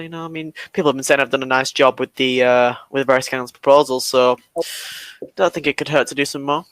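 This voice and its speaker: An easygoing British man talks casually on a podcast, his voice sitting at an ordinary middle pitch. The sound is dry and close, with no room around it. He rambles along in a talkative, relaxed way. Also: fast, clean tone, no room sound. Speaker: podcast co-host and story reader. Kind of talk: casual chat.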